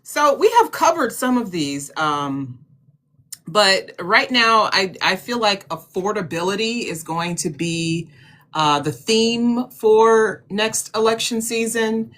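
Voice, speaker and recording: A woman moderating an online town hall over a video call, talking in an animated, lively way. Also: mid-range voice, takes it slowly.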